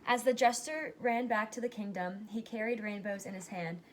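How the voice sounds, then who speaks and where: A woman reading a rhyming picture book aloud, giving its characters lively but plain voices. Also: medium pitch, moderate pace, hardly any pauses, slight background noise. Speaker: reader.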